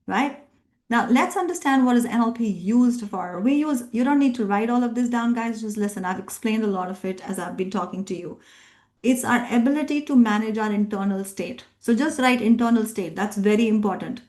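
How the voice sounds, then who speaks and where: Middle-aged woman coach, kinda high voice, repeats herself a lot for emphasis, keeps asking the room questions. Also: darkish tone. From immigrant living in Australia. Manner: emphatic and repetitive, rallying the audience with questions. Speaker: NLP coach and workshop trainer. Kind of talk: live workshop teaching. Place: workshop room with a live group.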